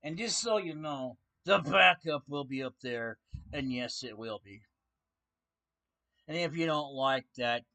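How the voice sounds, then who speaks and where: A man's voice: mid-range voice, unhurried, sharp tone. A man ranting on his own stream in a casual way, sarcastic, defiant and mocking.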